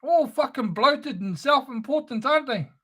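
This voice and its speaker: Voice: high-pitched, lively intonation, normal speed, sharp tone, slightly rough. A speaker delivering an angry, profane, sneering spoken-word rant.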